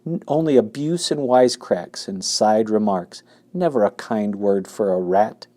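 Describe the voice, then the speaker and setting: A man's voice: fairly low pitch, animated, a little slow, warm tone. Lazy grumbling rat, sarcastic and mocking, read by a male narrator.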